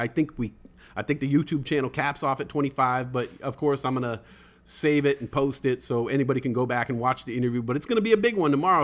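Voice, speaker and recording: A man of ordinary middle pitch hosts a loose livestream podcast. He rambles through chat comments, excitable and self-deprecating, with casual swearing. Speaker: podcast host reading live chat.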